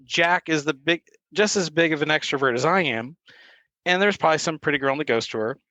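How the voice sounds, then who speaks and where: A man tells stories as a podcast guest, slipping into the voices of the people he quotes. His voice sits a little high and sounds bright and forceful. The sound is close and dry. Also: fairly quick, no echo, poor audio. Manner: animated storyteller who acts out the quoted lines. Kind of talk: casual storytelling chat.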